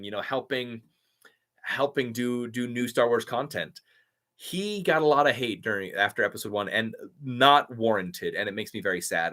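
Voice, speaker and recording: A man's voice: mid-range voice, a bit bright. A man running a live stream Q&A, answering chat in an enthusiastic, rambling way full of fillers. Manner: enthusiastic, rambling fan talk with many fillers.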